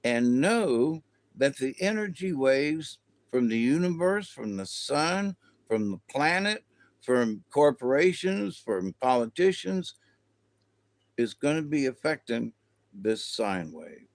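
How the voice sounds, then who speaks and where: A man's voice: mid-range voice, very animated, slow, dry recording. A man hosting a casual spiritual livestream, rambling and chatting to viewers, often laughing. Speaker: livestream host.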